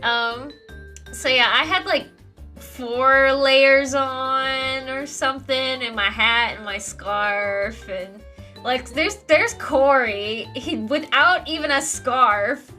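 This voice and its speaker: A young woman hosts a casual chat stream. Her voice is high and bright, and she rambles and giggles often. Soft music plays underneath. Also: slow. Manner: giggly, rambling, frequent laughter.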